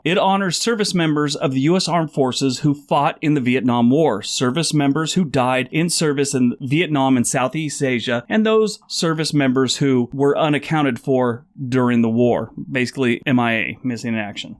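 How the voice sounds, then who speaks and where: A man hosting a channel, narrating daily history facts in a casual way with offhand personal asides. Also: a little high. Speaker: host.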